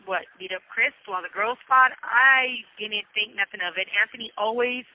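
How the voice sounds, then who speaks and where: A woman's voice: fairly high pitch, moderate pace. A woman telling her story in a phone interview from jail, rambling with many restarts and quoted dialogue. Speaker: incarcerated interviewee. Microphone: prison telephone. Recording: tinny prison phone line.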